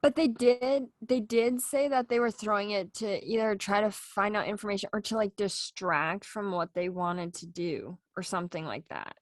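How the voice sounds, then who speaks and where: A woman's voice: medium pitch, moderate pace, hardly any pauses, no echo, clean studio sound. A young woman co-hosting a podcast, recapping a TV episode in a plain, matter-of-fact way. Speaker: podcast co-host. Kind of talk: casual chat reviewing a TV show.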